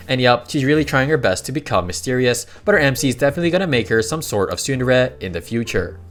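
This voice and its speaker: A man's voice: mid-range voice, fairly bright tone. Chatty man narrating a comic recap. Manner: chatty, amused asides to the listener. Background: faint background music.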